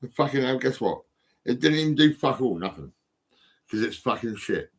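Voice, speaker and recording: A man with a stammering delivery, recording a rambling, expletive-laden solo rant on his phone. He drifts between low muttering and sudden angry outbursts. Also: lively intonation, moderate pace, slightly rough. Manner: heavy swearing, stammering repeats, swings from muttering to outbursts. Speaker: vlogger.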